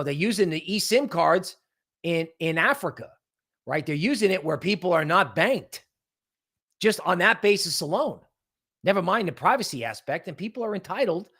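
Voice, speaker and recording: High-voiced man doing rambling market talk. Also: bright, forceful tone, breathy edge. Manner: rambling, conversational, often adds "right?"; mocks panicky traders in exaggerated voices. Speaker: crypto market show host. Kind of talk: livestream market analysis.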